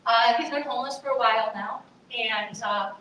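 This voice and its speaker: A woman's voice: a little high, moderate pace, sharp tone. A woman giving an earnest, conversational chapel talk to students, speaking directly to her listeners. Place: chapel hall. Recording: echoey hall, voice from far off, faint noise.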